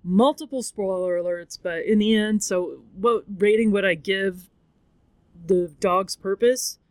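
A woman's voice: mid-range voice, measured pace, no echo. A woman hosting a podcast, recapping a movie in casual talk, candid and tearful, with frequent swearing. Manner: candid and expressive, swears freely, acts out voices. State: tearful, crying. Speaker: podcast host.

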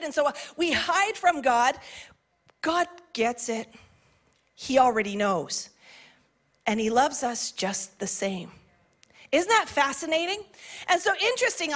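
Female preacher with a high voice; earnest, emphatic sermon delivery with conversational asides. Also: a bit bright. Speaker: pastor.

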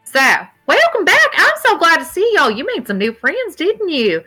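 A woman putting on a friendly old arcade keeper. He talks in a folksy, high-pitched drawl with a bright tone, easy and welcoming. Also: huge pitch swings, normal speed, faint music behind, full character voice. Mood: warm, delighted.

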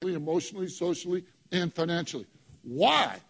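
A man's voice: high voice, animated, moderate pace, vocal fry, slightly rough. A man preaching a sermon in church, working the congregation with emphatic call-and-response and short repeated phrases. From New York. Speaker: pastor.

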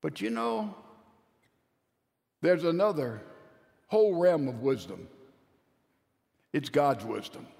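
Preaching a sermon in a large hall with long reverb, a high-voiced man retells a story with emphatic storytelling energy. He slows to stretch out the words he wants to land, and his voice swings widely in pitch, with vocal fry and a slightly mellow quality.

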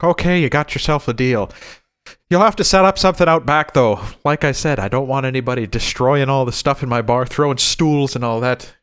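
A man's voice: medium pitch, brisk, a bit bright, clean tone, lightly acted. A man voicing a wary middle-aged male saloon keeper with a folksy Western drawl in a tabletop game.

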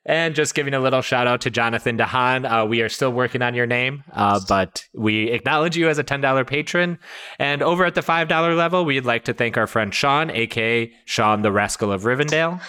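A man's voice: mid-range voice, fairly quick, pushed and bright, smooth. A man co-hosting a podcast, chatting casually and chuckling often as he wraps up the episode. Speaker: podcast co-host.

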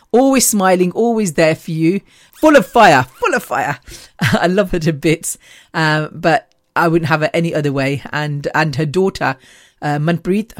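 A woman hosting a podcast, telling rambling personal stories in a chatty, animated way and laughing often. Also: deep voice, no room sound, studio quality. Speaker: podcast host.

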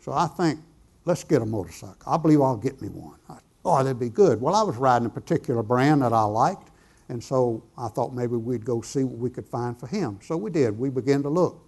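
A middle-aged man tells a sermon story. He talks in a folksy, conversational way and voices the other people in the dialogue himself. His voice sits at an ordinary middle pitch. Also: lively intonation, brisk, a little mellow, husky. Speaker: preacher telling a testimony.

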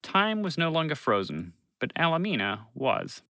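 A man narrating a children's story in an expressive, warm reading voice. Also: a little high, moderate pace, vocal fry, dry recording.

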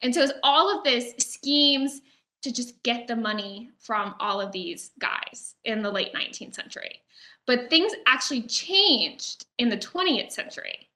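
A woman recounts a history story in conversation, with a bright and fairly high voice. She talks in an animated way and slips into the voices of the people she describes. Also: measured pace, reverberant. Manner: animated, acts out quoted characters. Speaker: guest historian.

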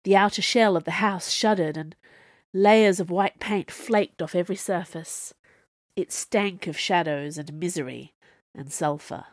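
A woman's voice: on the low side, measured pace, no echo, clean studio sound. A woman reading an audiobook in a wry, conversational narrating voice. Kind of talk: scripted narration.

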